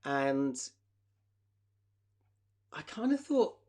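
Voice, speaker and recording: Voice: mid-range voice, big pitch swings, extremely slow, darkish tone. A therapist leading a live online workshop, asking the audience reflective questions and acting out short example dialogues.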